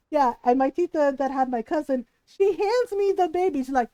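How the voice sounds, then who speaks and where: A woman's voice: high voice, moderate pace, hardly any pauses, warm tone, dry recording, poor audio. A woman streamer telling a family story in casual chat, swearing freely and tagging lines with "right?".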